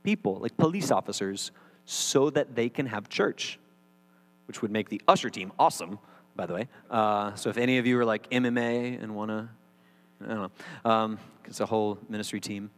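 Middle-aged male pastor, lively and joking sermon delivery, reverberant hall, faint mains hum. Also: lowish voice, normal speed. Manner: animated, jokey, mocking asides. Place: church hall.

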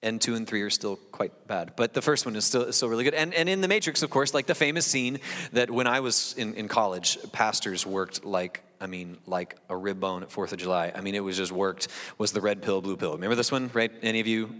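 In a church sanctuary with the long reverb of a large hall, a pastor in his forties reads scripture and preaches in a conversational, self-deprecating style full of asides. His voice is lowish, a little fast and fairly bright.

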